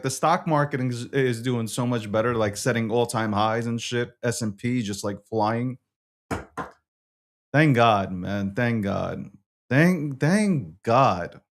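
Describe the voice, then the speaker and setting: Loud, profane male show host. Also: mid-range voice. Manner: loud, profane and laughing, rambling with restarts. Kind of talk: casual livestream talk.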